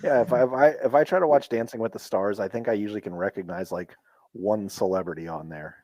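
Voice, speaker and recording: A man's voice: on the low side, quick pace, dark tone, no room sound. A man co-hosting a podcast, chatting casually and making wry remarks about wrestling. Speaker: podcast co-host. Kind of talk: casual wrestling commentary chat.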